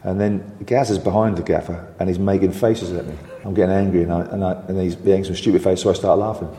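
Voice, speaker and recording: Fast-talking and deep, with a dark voice, an older man who used to play football recounts anecdotes as an interview guest. He's an animated storyteller who chuckles and keeps restarting, captured in a roomy, reverberant space.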